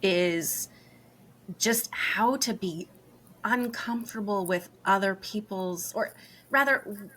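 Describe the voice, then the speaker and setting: A woman's voice: medium pitch, slow pace, fairly bright tone, slight background noise. A woman hosting a podcast interview, reflecting aloud in a casual, supportive way. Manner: supportive, frequent affirming backchannels. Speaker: podcast host.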